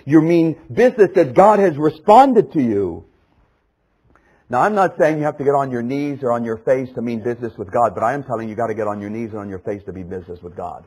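A man preaching a sermon, swinging from loud exclamations to hushed, low passages. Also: lively intonation, quick pace, husky, poor audio.

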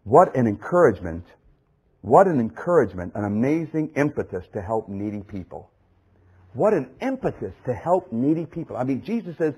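A man preaching a sermon, swinging from loud exclamations to hushed, low passages. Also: lively intonation, normal speed, breathy edge, rough recording.

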